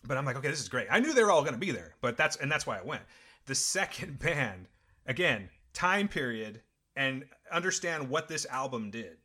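A man's voice: mid-range voice, big pitch swings, fairly quick, bright, forceful tone, husky. A middle-aged man in casual chat, telling rambling, enthusiastic stories.

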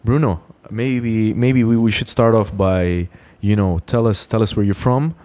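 Male podcast host, easygoing, laughs a lot, halting restarts. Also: on the low side, fairly even intonation, mellow. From Lebanon. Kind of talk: casual podcast interview.

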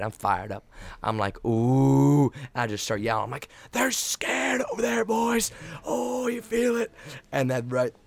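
A man's voice: fairly low pitch, no room sound. A young man telling a rambling, profanity-laced story in casual chat, hyped-up and emotional. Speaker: podcast co-host, volleyball player.

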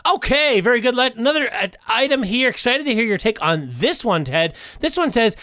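A man co-hosting a comedy podcast, riffing in playful improvised banter with deadpan asides. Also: very high-pitched, fairly quick, hardly any pauses, no echo, clean studio sound. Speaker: podcast co-host.

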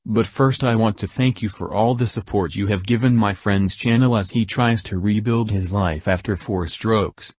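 Text-to-speech male narrator, lowish pitch, dry sound, flat report-style reading. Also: moderate pace, few pauses, no room sound. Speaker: storyteller sharing paranormal accounts.

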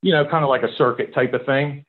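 A man guest in a casual interview, relaxed and halting, with many fillers. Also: medium pitch. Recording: tinny phone-like line.

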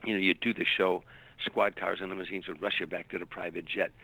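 A man's voice: low-pitched, level tone, fairly quick, sharp tone, husky, rough recording. An older man, a stand-up comedian, telling long anecdotes in an interview, repeating words as he searches for them. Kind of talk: storytelling interview.

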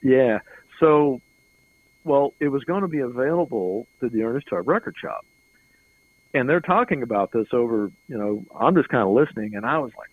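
As an interview guest, a middle-aged man tells a long, rambling anecdote, chuckling and often repeating words in a casual storytelling style. His voice is medium-pitched with lively intonation, a little fast, and the recording is rough.

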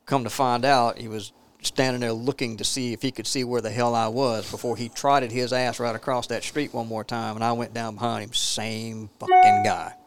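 A man's voice: medium pitch, flat delivery, moderate pace, hardly any pauses. A man who used to be a police officer, telling a profane story. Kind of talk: casual storytelling.

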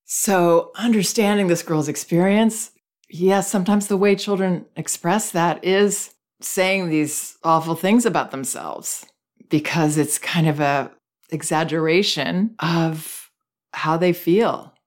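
A woman hosting a parenting advice podcast, talking calmly and gently, thinking aloud with small restarts. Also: on the low side, slow pace. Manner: calm, gentle, reflective with many restarts.

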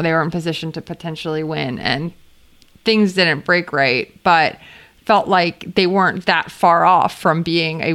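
A young woman co-hosting a sports podcast, giving measured, thoughtful takes. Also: lowish voice, a bit bright. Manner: measured, thoughtful, some fillers. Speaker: podcast co-host. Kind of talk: casual sports chat.

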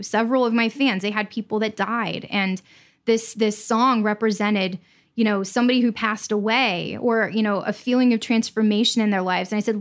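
A woman talks in a candid conversation with earnest emphasis. Her voice sits at an ordinary middle pitch. She often repeats short phrases to steady and reassure the listener. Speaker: musician.

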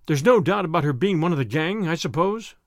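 A man voicing a grave older male lawyer who speaks in a measured, dry way with clipped questions. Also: fairly high pitch, animated, no echo.

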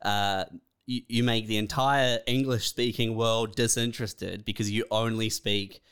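A man's voice: lowish voice, steady tone, measured pace, a bit bright, clean tone. A young Australian man co-hosting a comedy podcast, laid-back and chuckling, tossing in dude and man. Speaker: podcast co-host. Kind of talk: casual comedic chat.

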